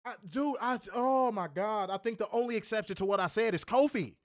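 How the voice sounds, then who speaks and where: This man has a strikingly high voice and co-hosts a casual wrestling review podcast. He rants in a brisk, profane, exasperated way, and the sound is dry and close with no room echo.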